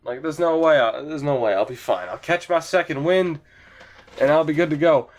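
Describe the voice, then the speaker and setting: Brief: tired male gamer, higher voice, loose profane commentary. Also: normal speed. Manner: rambling, swears casually. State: sleepy, yawning. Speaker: gaming commentator. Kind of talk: casual let's-play commentary. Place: home gaming setup, in a chair.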